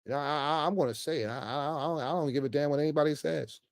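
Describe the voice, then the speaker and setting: A political commentator vlogger delivers an off-the-cuff rant to camera in a slightly high voice, speaking fast. He's emphatic and repetitive, stammers often and ends phrases with "man," recorded in clean studio sound with no echo.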